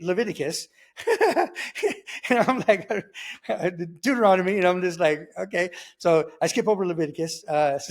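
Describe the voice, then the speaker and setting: A middle-aged man recounts his personal testimony. His voice sits fairly high for a man. He talks in an animated, rambling way, stumbling over restarts and acting out the voices he quotes. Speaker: testimony guest.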